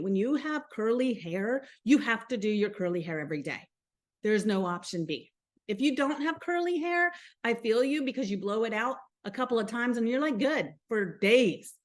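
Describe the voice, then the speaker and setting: A woman with a Southern accent hosting a live motivational talk, chatty and upbeat, speaking straight to her viewers. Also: medium pitch. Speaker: host.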